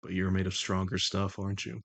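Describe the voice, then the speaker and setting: A sultry, deep-voiced male charmer, put on by a streamer, speaks in slow, low, coaxing tones full of doting praise. His voice sits low and close on a dry, deadened mic with no room sound. It is a live stream persona bit. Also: level tone, vocal fry, a bit bright, no echo, full character voice.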